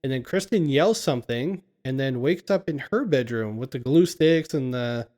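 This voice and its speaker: A man's voice: mid-range voice, lively intonation, moderate pace, a little mellow. A man casually recapping a film scene by scene on a podcast, laughing often as he retells it. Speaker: podcast co-host.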